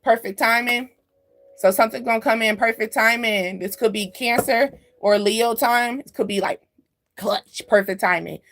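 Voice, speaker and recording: A woman's voice: fairly high pitch, normal speed, a bit bright. A woman giving a casual spiritual card reading straight to camera, chatty and loose, often turning to the viewer with side remarks and drifting off topic. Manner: drifts off topic and laughs at herself. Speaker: tarot card reader.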